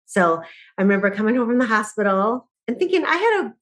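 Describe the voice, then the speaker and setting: A middle-aged woman, a podcast guest who speaks on joy and laughter, telling stories in lively conversation and often laughing. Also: fairly high pitch, fast. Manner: animated storyteller, often laughing.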